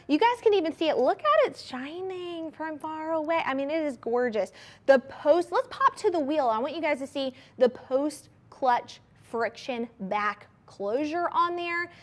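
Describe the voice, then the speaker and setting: A woman hosting a live shopping channel, pitching products to viewers in an upbeat, chatty way. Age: adult mother of a young child. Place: TV studio.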